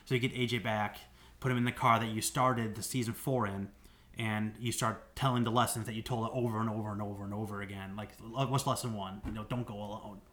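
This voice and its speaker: A man's voice: fairly low pitch, fairly even intonation, a little fast, fairly bright tone. A man on a podcast casually recapping a game's story in a rambling way, full of "like"s and restarts. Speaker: podcast co-host.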